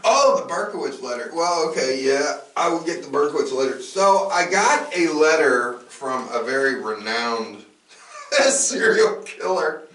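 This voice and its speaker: A man's voice: on the high side, lively intonation, unhurried, fairly bright tone, distant mic. Rambling male podcast host, roomy sound. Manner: loose and rambling, frequent fillers and restarts. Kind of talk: casual podcast chat.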